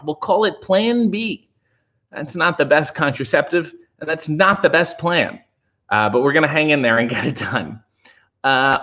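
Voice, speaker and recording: A man hosting a livestream, reading viewer comments aloud and answering with dry, sarcastic asides. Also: muffled recording. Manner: dry sarcastic asides, animated pitch swings. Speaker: livestream host reading chat.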